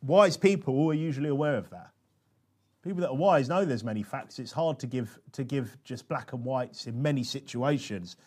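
A male preacher giving a sermon in a conversational way, often checking in with questions like "okay?" and slowing down to stress scripture. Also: mid-range voice, darkish tone, husky. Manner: conversational, with frequent tag questions; slows and stresses quoted scripture.

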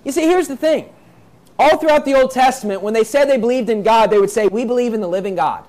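Male preacher, very high voice, reads verses then drives points home emphatically. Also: quick pace, a little mellow. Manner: reads scripture aloud then explains it in plain talk; emphatic, repeats points, acts out quoted voices. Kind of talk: sermon.

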